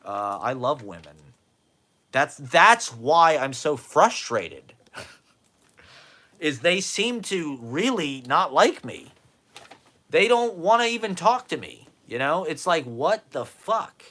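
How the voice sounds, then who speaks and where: A man's voice: fairly high pitch, big pitch swings, slow, bright, forceful tone. A man in his forties from the United States, rambling in a self-deprecating, profane monologue and laughing often, at times drifting away from the mic.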